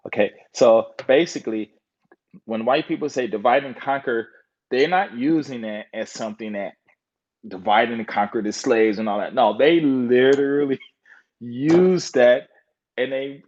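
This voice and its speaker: A man from the United States talking in a meandering monologue, full of fillers and loose trains of thought. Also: fairly low pitch. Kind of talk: rambling monologue. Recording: dull lo-fi recording.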